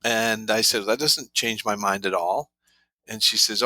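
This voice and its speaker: Bright-voiced man telling stories. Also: lowish voice, unhurried, no echo, low-quality recording. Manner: animated anecdotes with quoted dialogue. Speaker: guest, trauma therapy author. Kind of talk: storytelling interview talk.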